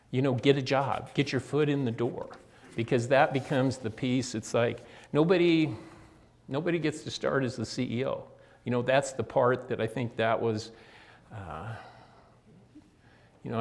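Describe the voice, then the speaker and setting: A man's voice: mid-range voice, a little mellow. An older man giving a motivational talk as guest speaker, telling folksy stories, acting out quoted dialogue and addressing his listeners directly. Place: prison meeting room.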